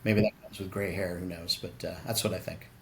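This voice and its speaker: A man's voice: low-pitched, flat delivery, a little fast, a little hiss or hum. A middle-aged man, a podcast guest, talking casually and animatedly, acting out quoted dialogue as he tells stories. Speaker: podcast guest, sales executive. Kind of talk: casual interview conversation.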